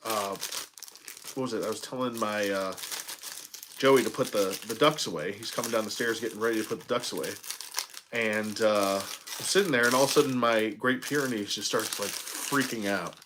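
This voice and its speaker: A man's voice: fairly low pitch, background noise. A man chatting casually while unboxing toys at home, rambling through stories and laughing often. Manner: rambling storyteller, laughs often, drawn-out pauses. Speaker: toy collector reviewer. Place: home room.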